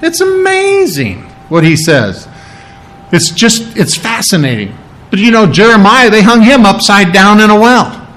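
A man's voice: sits high, very animated, unhurried, fairly bright tone, low-quality recording. A man preaching a sermon in a teaching, conversational way, checking in with his listeners and often restarting his phrases. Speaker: pastor.

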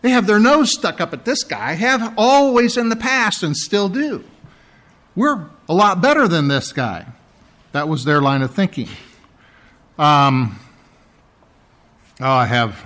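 A man preaching a sermon, explaining scripture with animated emphasis and mocking asides. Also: fairly high pitch, takes it slowly, long pauses. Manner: animated, mocks the priests in a put-on sneering voice.

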